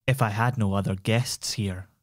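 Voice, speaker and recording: A man's voice: fairly low pitch, fairly even intonation, moderate pace, no echo, clean studio sound, close to an everyday voice. A man voicing a surly male innkeeper who growls and scoffs, in a bedtime storybook reading. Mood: scornful. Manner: growling, scornful.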